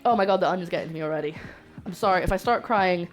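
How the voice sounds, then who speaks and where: A woman's voice: fairly low pitch, rapid-fire, faint music behind. A young woman chatting casually to viewers as she cooks in her home kitchen, greeting people and joking as she goes. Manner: chatty, greets viewers warmly, jokey asides. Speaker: cooking streamer. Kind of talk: casual livestream chat while cooking.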